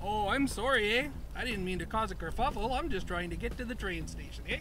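A man's voice: high-pitched, animated, a little fast, background noise. A man playing a friendly, apologetic Canadian tourist passenger in a live-action game, with a Canadian accent. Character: cheerful polite male Canadian tourist passenger.

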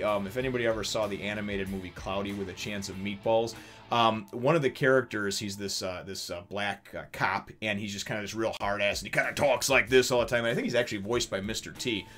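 Rambling, animated man reviewing manga. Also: mid-range voice. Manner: rambling, animated, swears casually, many fillers and restarts. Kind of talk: casual video review.

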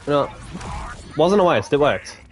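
A young man streaming a game, chatting casually with viewers in a rambling, relaxed way, swearing now and then and restarting his sentences. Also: a little high, a little slow. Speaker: gaming streamer. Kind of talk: casual live-stream chat while gaming.

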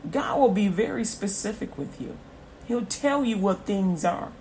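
A woman giving an impassioned spoken testimony on the radio, swinging from hushed murmurs to loud emphatic bursts and repeating phrases fervently. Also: mid-range voice, animated, a little slow, slight background noise. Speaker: radio preacher.

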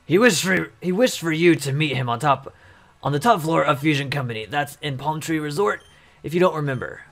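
A man's voice: fairly high pitch, animated, brisk, a bit bright. A man reading aloud the lines of a remorseful former gang leader from a video game, in an earnest, apologetic way.

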